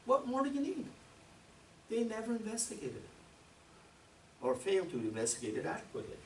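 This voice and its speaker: Man, conference lecture, emphatic, rhetorical questions, lively swooping pitch, distant echoey hall recording. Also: a little fast, slight background noise. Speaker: conference speaker. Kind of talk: lecture to an audience. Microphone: far camera. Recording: distant camera mic in an echoey room.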